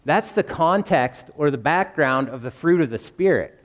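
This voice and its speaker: Male preacher, fairly high voice, chatty sermon style, long church-hall echo. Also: animated, normal speed. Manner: conversational, asks the congregation questions.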